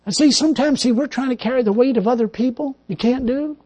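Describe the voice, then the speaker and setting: A man's voice: very high-pitched, quick pace, darkish tone. A man pastor preaching and praying in a folksy way, repeating phrases and punctuating them with hallelujah. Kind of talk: sermon and spoken prayer.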